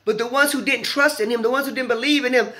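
A woman evangelist preaching fervently to an online audience, repeating phrases and shouting at the peaks. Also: sits high, fairly even intonation, fast.

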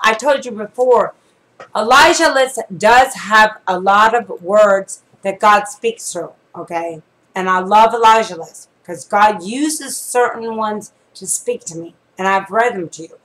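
A woman's voice: medium pitch, fairly bright tone, low-quality recording. A woman prophetess preaching on a live stream, reading scripture earnestly and then talking in a chatty, conversational way with asides and prayers. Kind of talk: casual devotional talk with reading and prayer.

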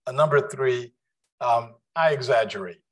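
Slow, deliberate man giving a lecture. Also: mid-range voice, rough recording. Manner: slow, deliberate delivery with frequent restarts. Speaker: guest lecturer. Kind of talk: public lecture. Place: lecture room with a live audience.

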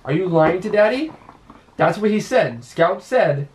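A man's voice: high voice, lively intonation, unhurried, darkish tone, slight background noise. A man talking at home as a father, asking stern, patient questions. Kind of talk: casual home talk. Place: family home.

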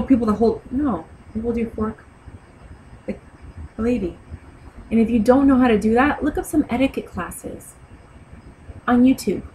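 A woman's voice: on the high side, darkish tone, a little hiss or hum, poor audio. Blunt, sassy woman vlogger. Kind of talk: casual advice vlog.

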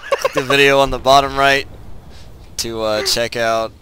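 A man hosting casual gameplay commentary with a friend, excitable and swearing a lot, often breaking into yelling. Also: medium pitch, moderate pace, slight background noise. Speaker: gaming channel host.

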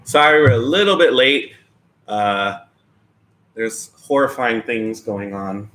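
A man's voice: medium pitch, takes it slowly, fairly bright tone. A man co-hosting a live eating stream, chatting casually and teasing his partner while greeting viewers by name indoors. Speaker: mukbang live-stream co-host. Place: indoors, lights dimmed behind.

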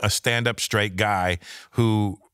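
A Canadian man in his fifties, a stand-up comedian, tells stories in casual chat, swearing freely and acting out the voices of the people he quotes. His voice is fairly low, slow, clear and resonant, in clean studio sound without echo.

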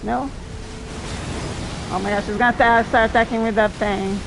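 Against background noise, a woman with a rather high, fairly even voice streams a boss fight at normal speed. She comments live, swearing and shrieking when things go wrong, then apologizes to her chat.

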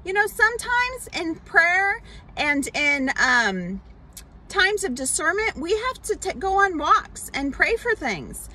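A woman pastor telling a Bible story in a children's sermon, explaining slowly with many fillers and restarts. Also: extremely high pitch, big pitch swings, sharp tone, low-quality recording.

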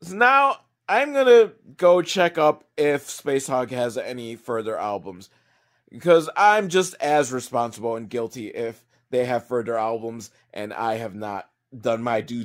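A man's voice: mid-range voice, lively intonation, a little slow. A man giving a rambling, profane and mocking recap of a movie as a comedic reviewer. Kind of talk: sarcastic movie recap monologue.

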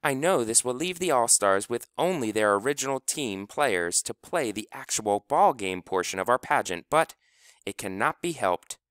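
A grand, showy pageant director with a lilting, high, dramatic voice, as a male storyteller puts her on. Her words swoop with flair, clear and smooth, in a dry, close recording. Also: animated, moderate pace, a bit bright, dry recording, close to an everyday voice. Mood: grandly theatrical. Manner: grand and showy, sudden stage whispers. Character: theatrical grown woman pageant director.

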